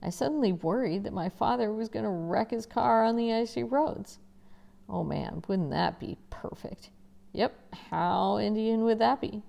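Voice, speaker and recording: Expressive woman reading aloud, gravelly voice. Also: medium pitch, unhurried. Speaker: teacher reading a novel aloud. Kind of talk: reading a novel aloud with asides.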